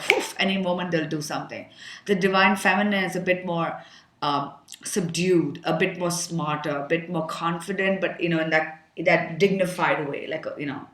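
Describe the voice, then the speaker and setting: A woman's voice: lowish voice, fairly bright tone, echoey room. A woman giving a casual tarot reading, chatty and frank, thinking aloud with many fillers and an occasional curse. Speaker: tarot card reader.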